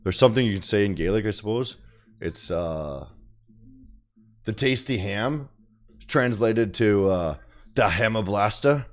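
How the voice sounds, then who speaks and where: A man streaming live and chatting casually about his trades, calling viewers bro and swinging from mumbles to loud bursts. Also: lowish voice, expressive, unhurried, pauses often. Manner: loose and slangy, calls viewers bro and boys. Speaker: trading streamer.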